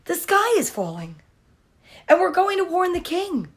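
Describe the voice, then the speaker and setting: A woman's voice: extremely high pitch, sing-song, measured pace, pitched above the performer's own voice, heavily acted. A woman voicing a small, earnest hen in a storybook reading, insistent and bravely serious.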